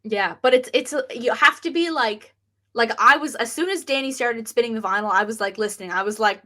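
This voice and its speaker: A woman co-hosting a podcast, chatting excitedly about a horror film. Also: fairly high pitch, brisk. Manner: chatty, excited, fond of fan details. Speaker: podcast co-host. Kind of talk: casual film review chat.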